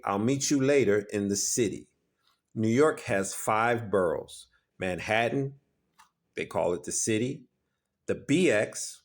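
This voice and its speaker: Man, slightly low voice, upbeat English teacher, scripted lesson. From Philadelphia, USA. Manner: upbeat, explanatory, acts out sample phrases.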